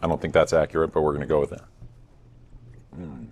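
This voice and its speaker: Jokey low-voiced man reviewing food. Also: fast talker, slight background noise. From United States. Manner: playful, self-mocking, deadpan jokes. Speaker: host. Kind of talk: casual food review vlog.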